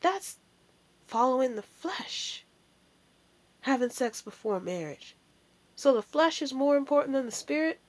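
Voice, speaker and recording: A woman delivers a casual sermon in a fairly high voice. She takes her time, leaning on rhetorical questions to drive each point home. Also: lively intonation, a little slow, long pauses. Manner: emphatic, full of rhetorical questions. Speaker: preacher. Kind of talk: informal sermon.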